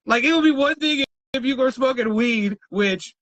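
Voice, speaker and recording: A man's voice: very high voice, normal speed, no room sound, highs cut off. A man co-hosting a podcast, telling wild stories in casual chat, swearing and laughing often. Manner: animated storyteller, swears a lot, laughs often. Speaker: podcast co-host.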